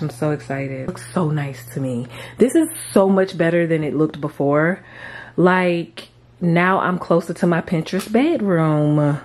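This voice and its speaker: A young woman, gushing excitedly in a casual home vlog and calling out to viewers with "y'all" and "oh my gosh". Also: deep voice, measured pace, slight background noise. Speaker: vlogger.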